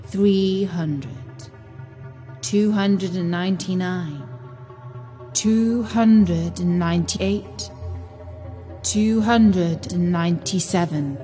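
Casting: woman playing a soothing male hypnosis guru, low, drawn-out, very slow. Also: mellow, faint music behind. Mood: hypnotic.

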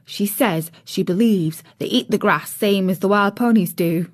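A woman's voice: medium pitch, measured pace, lightly acted. A woman voicing a cheerful, chatty young serving girl, homely and outspoken.

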